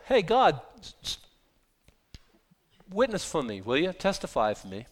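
A middle-aged male pastor preaching a sermon in a conversational, animated way, reading scripture slowly and then paraphrasing it casually, with sudden loud bursts. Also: mid-range voice.

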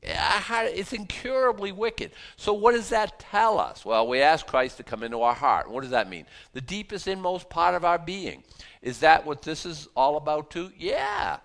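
A man's voice: on the high side, lively intonation, moderate pace, vocal fry, a bit bright. A man teaching a sermon on a Bible passage in a conversational way, often repeating words as he goes.

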